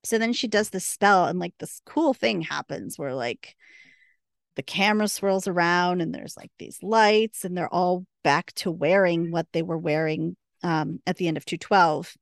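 A woman's voice: fairly low pitch, measured pace, vocal fry, no echo, clean studio sound. A woman recapping a TV episode in a casual, chatty way, packed with "like" and retold dialogue. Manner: chatty, laughs often, full of fillers and retold dialogue. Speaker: podcast co-host.

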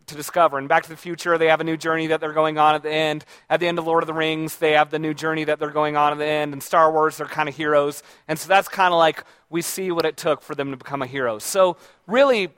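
A man giving an informal talk to a live audience, speaking conversationally with plenty of fillers and restarts, and pausing to ask the audience questions. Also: on the high side, flat delivery, fairly bright tone, smooth, no echo. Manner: checks in with the audience by asking questions. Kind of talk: informal lecture.

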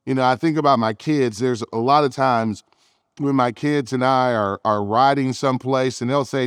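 A man preaching a sermon as pastor. He talks earnestly, speeds up and slows down for emphasis, and reads scripture aloud. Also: medium pitch, smooth, no echo, studio quality.

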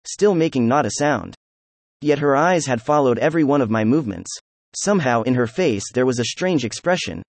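A man narrating a novel chapter as an audiobook, in a steady, even-paced read. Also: medium pitch, dry recording. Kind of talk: scripted narration.

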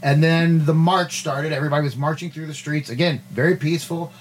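Talk-show co-host, male, slightly raised voice, rambling and animated, light background hiss. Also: a little high, brisk. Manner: rambling, animated storytelling with many fillers. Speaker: podcast co-host. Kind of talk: casual chat, storytelling.

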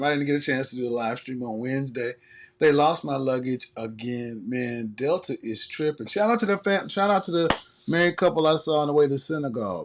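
A man hosting a live stream, ranting in a casual comedic way, profane and laughing often. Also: mid-range voice.

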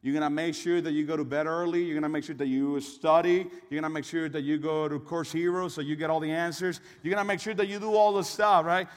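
A young man giving a sermon in a relaxed, storytelling way, often restarting his sentences and adding asides. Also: fairly high pitch, quick pace, few pauses, long reverb tail. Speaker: preacher.

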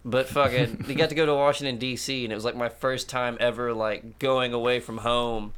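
A man's voice: mid-range voice, fairly even intonation, brisk, a bit bright, clean tone. A man co-hosting a podcast, rambling through crude, joking stories in casual banter. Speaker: podcast co-host.

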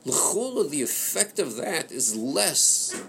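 A man teaching a religious study class, reasoning aloud with hesitant stops and repeated words. His pitch rises and falls in a lively way, with a gravelly edge. A faint hiss sits behind him. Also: slow pace. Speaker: Chassidic text teacher. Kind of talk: Torah study class discussion.

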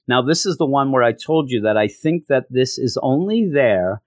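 A man's voice: mid-range voice, animated, moderate pace, no room sound, studio quality. A man casually recapping a comic issue with sarcastic, rambling commentary and frequent stammered restarts. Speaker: comic book podcast host.

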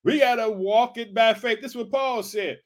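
A man from Illinois preaching an energetic podcast sermon, fervent and repetitive, calling out to his listeners again and again. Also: extremely high pitch, moderate pace. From Illinois, United States. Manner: fervent, repetitive calls of "guess what" and "hallelujah".

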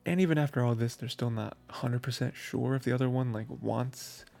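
Gravelly rambling man recapping anime. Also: mid-range voice, steady tone, a little fast, darkish tone, faint music behind. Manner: rambling, filler-heavy, laughs while recounting. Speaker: anime review host.

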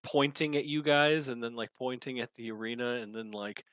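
A man's voice: medium pitch, brisk, fairly bright tone, no echo. A man running a tabletop game as game master, narrating scenes and calling for rolls, often trailing off and restarting.

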